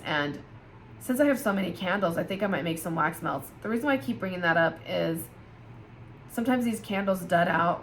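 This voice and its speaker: A woman's voice: lowish voice, fairly bright tone, a little hiss or hum. A tired woman chatting casually and with gushing enthusiasm as she reviews scented candles for her viewers. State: tired, yawning. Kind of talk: casual product review vlog.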